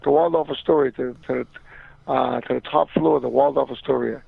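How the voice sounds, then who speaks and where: This phone-in guest, an older ex-boxer, spins a long, meandering story, repeating words and voicing the characters he quotes. His medium-pitched voice is creaky and husky, steady in tone and a little fast, heard dry and tinny on a phone line with no echo.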